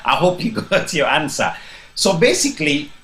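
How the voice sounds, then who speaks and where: Bright-voiced male host. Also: fairly high pitch, moderate pace, a little hiss or hum. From Sierra Leone. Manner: lively, lots of um and restarts, greets listeners by name. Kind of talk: live online discussion moderating.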